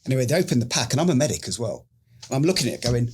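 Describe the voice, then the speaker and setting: Talking very fast in a slightly rough, medium-pitched voice, a middle-aged British ex-special forces medic tells a story during an informal interview, animatedly acting out the dialogue.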